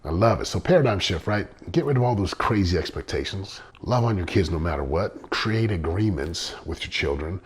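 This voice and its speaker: A man's voice: low-pitched, husky. A middle-aged man hosting a motivational podcast, talking earnestly and repeating phrases for emphasis. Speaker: podcast host.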